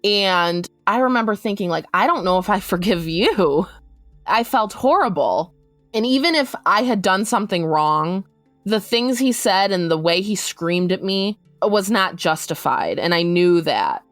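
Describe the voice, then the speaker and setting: A woman recounting a distressing personal story for a podcast, talking quickly and acting out what people said. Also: medium pitch, lively intonation, fairly bright tone, no room sound, faint music behind. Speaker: interviewee recounting her story.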